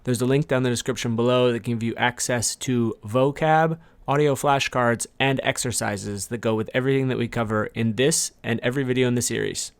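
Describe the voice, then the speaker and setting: A man of average pitch teaching a language lesson as he walks through song lyrics line by line. He speaks clearly and patiently and keeps checking in with a quick "right?". The delivery sounds like a friendly online tutorial. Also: steady tone.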